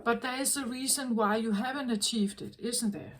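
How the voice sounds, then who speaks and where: A woman tarot reader talking in a slow, earnest, reflective way, often repeating herself as she works through a thought. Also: on the high side, low-quality recording. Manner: slow, repetitive, earnest, self-correcting. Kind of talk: reflective spoken reading.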